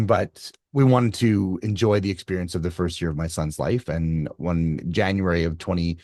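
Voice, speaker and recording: A man in his fifties tells his story as an interview guest, animated and full of quick restarts. His voice sits fairly low. The sound is dry and close, with no room echo. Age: 50s. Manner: animated, lively retelling with many restarts. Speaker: endurance athlete guest.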